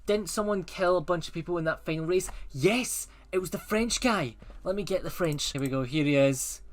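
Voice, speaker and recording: A man ranking films in a rambling, excitable and sarcastic casual chat. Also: high-pitched, moderate pace.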